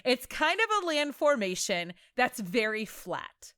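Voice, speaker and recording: Animated, dramatic woman podcast host. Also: a little high, unhurried, no room sound, clean studio sound. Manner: animated and self-admittedly dramatic, laughs often. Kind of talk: casual storytelling chat.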